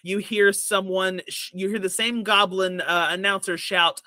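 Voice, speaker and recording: A man running a tabletop game, high-pitched and bright, talking slowly with lots of ums and likes. Close, dry mic. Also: steady tone, no echo. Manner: casual with many fillers. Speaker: dungeon master.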